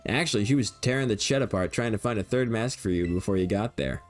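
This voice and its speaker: A man reading the lines of a timid teenage boy in a video game, quick and confiding. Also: on the low side, faint music behind, natural voice.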